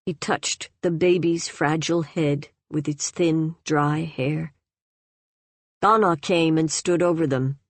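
Audiobook narrator, woman, deep and unhurried, measured delivery. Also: steady tone, dry recording. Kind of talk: scripted narration.

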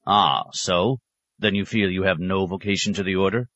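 A man's voice: sits low, steady tone, normal speed, a bit bright, no echo, muffled recording. A man voicing a stern, sarcastic abbot who questions a novice with cutting mockery. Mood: interrogating. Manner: mocking, cutting, sometimes roaring.

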